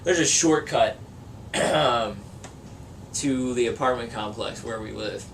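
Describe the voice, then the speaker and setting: In a casual interview, a band member, a young man, laughs his way through a long story full of profanity. He has a mid-range, somewhat bright voice and takes his time. Faint room noise comes through the distant mic.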